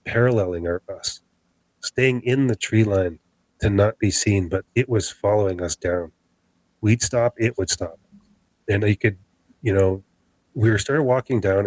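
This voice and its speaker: A low-pitched man tells a first-hand story of a scary night outdoors, his delivery lively as he acts out every line of dialogue. The sound is dry and close, with no room around him. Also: breathy edge, dry recording, rough recording. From Canada. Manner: animated, acts out quoted dialogue. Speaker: podcast guest. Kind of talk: storytelling an encounter.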